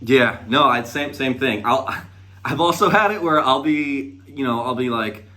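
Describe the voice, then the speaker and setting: A man hosting a podcast, chatting casually with a bright, forward tone. He tells his stories with animated energy. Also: medium pitch, moderate pace. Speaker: podcast host.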